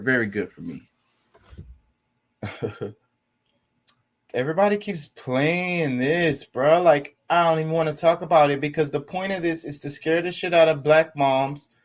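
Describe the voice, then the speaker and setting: A man in a casual stream commentary, talking straight to his viewers in a loose, unfiltered way. His voice sits at an ordinary middle pitch, and he swears freely as he reacts to comments. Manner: blunt and profane, talks to the audience directly.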